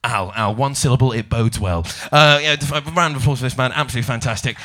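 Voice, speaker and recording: A man's voice: medium pitch, fast, sharp tone. A man doing a stand-up set, in a mock-posh, theatrical way that teases the crowd. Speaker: stand-up comedian.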